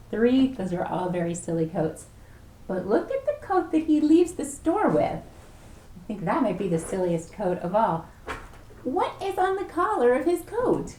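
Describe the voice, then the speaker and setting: A woman librarian reading a picture book aloud at a preschool storytime, animated and playful, asking the children questions. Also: on the high side, slight background noise. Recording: echoey room.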